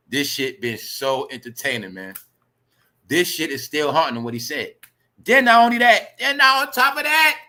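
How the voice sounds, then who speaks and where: A livestream host, a man, ranting loudly and profanely to his chat, animated and talking straight to viewers. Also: on the high side. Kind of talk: ranting celebrity gossip commentary.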